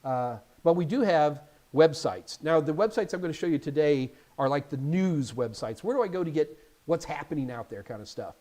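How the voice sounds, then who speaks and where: A man hosting a casual live Q&A stream as an IT certification instructor, chatty and animated, with jokey asides. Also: a little high, moderate pace.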